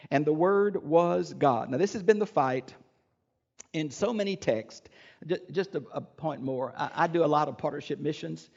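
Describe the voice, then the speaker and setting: A man's voice: mid-range voice, darkish tone, lo-fi sound. An older man giving an earnest, emphatic Bible lecture as a teacher, often restarting his phrases.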